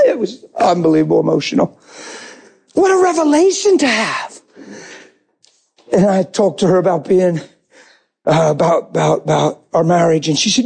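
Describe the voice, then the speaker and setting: A man telling an emotional sermon testimony, animated, storytelling and rising to shouts. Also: fairly high pitch, normal speed, gravelly, long pauses, breathy edge. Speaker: preacher giving testimony.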